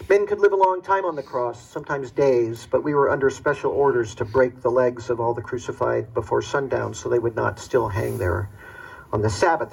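A man tells a first-person dramatic monologue in the role of a Roman soldier. His voice is gravelly and husky, and his delivery is earnest and reflective. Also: mid-range voice, rough recording. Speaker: storyteller.

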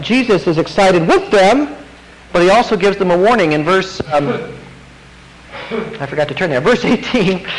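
A man preaching a sermon, animated, acting out quotes and asking the congregation questions. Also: high voice, low-quality recording.

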